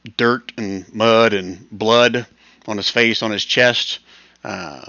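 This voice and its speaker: A man narrating as game master of a tabletop game over voice chat, relaxed and rambling. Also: fairly low pitch, takes it slowly, vocal fry, no room sound. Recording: dull lo-fi voice chat.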